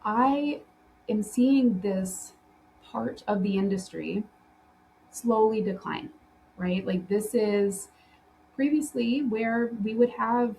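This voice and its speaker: A woman with a slightly high, gravelly, dark-toned voice speaks slowly, with long pauses, on a rough recording with slight background noise. A podcast host and interior design business coach, she runs a solo show, talking loosely with many fillers and restarts and often laughing as she tells stories.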